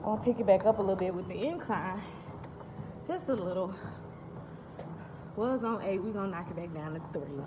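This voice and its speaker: A woman's voice: mid-range voice, animated, moderate pace, pauses often, long reverb tail, background noise. A woman vlogging while she walks on a treadmill at the gym, talking upbeat and thankful about moving her body and self-care. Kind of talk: casual vlog while working out.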